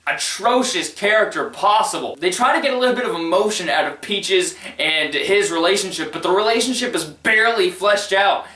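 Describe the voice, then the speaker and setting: Young man, high bright voice, ranting movie review, exasperated and sarcastic, echoey room. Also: moderate pace, few pauses. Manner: exasperated, sarcastic, rising into shouts. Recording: echoey room, distant from mic.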